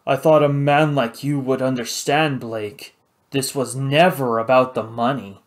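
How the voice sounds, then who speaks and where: A man voicing a cold, proud ex-soldier hijacker in an audiobook, speaking low, clipped and hissing. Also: steady tone, measured pace, lightly acted. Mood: grave. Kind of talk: audiobook character voice.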